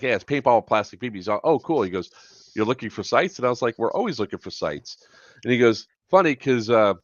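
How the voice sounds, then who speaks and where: A man with a low, fairly deep voice, talking loosely and animatedly as a podcast host. He tells a long travel anecdote in a chatty, unpolished way. The sound is dry and dull, like lo-fi podcast audio. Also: dry recording. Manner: animated storyteller, swears when annoyed. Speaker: podcast host and airsoft event organizer. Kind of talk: casual storytelling chat.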